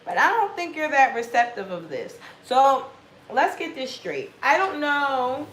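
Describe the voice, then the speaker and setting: A woman giving a casual tarot reading in a blunt, profane, animated way. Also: high-pitched, a little slow, roomy sound, rough recording. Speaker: tarot reader.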